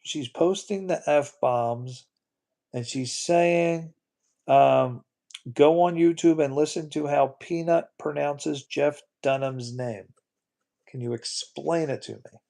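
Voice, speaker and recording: Man with a gravelly voice chatting on a livestream. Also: a little high, slow pace, warm tone. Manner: rambling, repeats words, exclaims in disbelief. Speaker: livestream host. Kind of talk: casual livestream chat.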